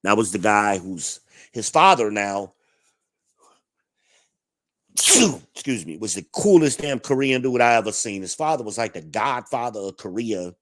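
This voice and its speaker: A man's voice: lowish voice, very animated, a little slow, pauses often, fairly bright tone, no room sound, studio quality. A man in his forties telling blunt, profane stories in a laid-back, casual vlog monologue. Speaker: vlogger.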